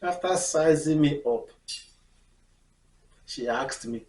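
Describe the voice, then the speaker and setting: A woman recounts a story, acting out each scene. Her pitch swings widely while she keeps an unhurried pace. She sounds distant from the mic in a roomy, echoing space. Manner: expressive, laughs often, acts out scenes. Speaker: storyteller vlogger. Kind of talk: animated personal storytelling. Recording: echoey room, mic far off.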